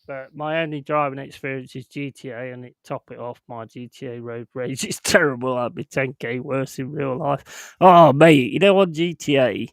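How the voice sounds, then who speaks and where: A young man with a gravelly, crackly edge hosts a casual stream and rambles through profane anecdotes, laughing as he goes. His voice sounds dry and close, with no room around it. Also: mid-range voice, steady tone, normal speed, no room sound. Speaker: streamer hosting a football watchalong. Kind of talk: casual chat.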